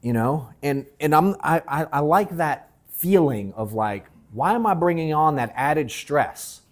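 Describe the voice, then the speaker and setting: A man leads a live sales workshop before an audience in a workshop room, keeping it loose and jokey. He speaks at a measured pace with lively intonation, his pitch swinging widely. Mid-story he acts out his own thoughts, swears freely and calls people bro and dude.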